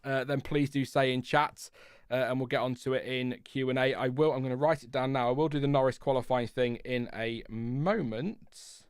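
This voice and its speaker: A man's voice: medium pitch, fairly even intonation, normal speed, smooth, dry recording, studio quality. A man hosting a casual live race reaction stream, rambling with fillers and reading out chat messages. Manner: chatty, rambling, lots of fillers and restarts, reads chat aloud. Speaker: F1 livestream host.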